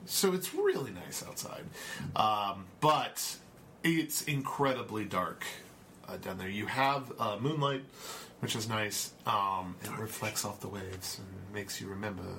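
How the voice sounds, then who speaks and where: A man running a tabletop game as game master, narrating in a relaxed, rambling way full of fillers. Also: fairly low pitch, unhurried, slight background noise.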